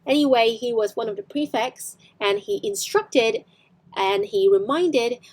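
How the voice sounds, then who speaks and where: Hong Kong woman teaching English, slightly high. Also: expressive, a little slow. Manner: explanatory, with frequent fillers and self-corrections. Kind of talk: online English lesson explaining film clips.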